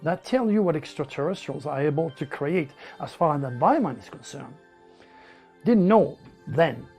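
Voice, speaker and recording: A man with a French accent telling his life story in broken English, animated and repeating words as he goes. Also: fairly high pitch, moderate pace, creaky, soft background music. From France. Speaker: interviewee. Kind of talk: personal storytelling.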